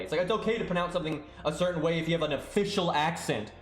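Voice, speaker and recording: A man's voice: on the high side, very fast. A man streaming live, ranting in a casual, exasperated way and swearing freely. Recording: roomy sound with faint music.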